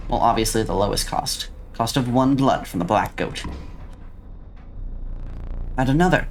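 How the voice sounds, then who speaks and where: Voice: medium pitch, measured pace, pauses often, slight background noise. A streamer in a casual let's-play, chatting along and reading and answering viewers' messages aloud.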